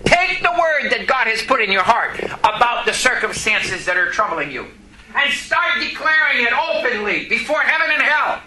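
A man's voice: very high-pitched, sing-song, normal speed, background noise. A man preaching a sermon to a congregation, reading scripture and pressing the listeners with emphatic questions. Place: church service.

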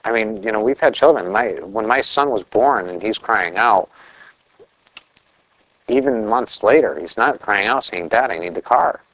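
A man's voice: fairly low pitch, animated, a little slow, a bit bright, no echo. Male preacher, dull dry recording. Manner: conversational preaching with rhetorical questions. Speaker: pastor. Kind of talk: sermon.

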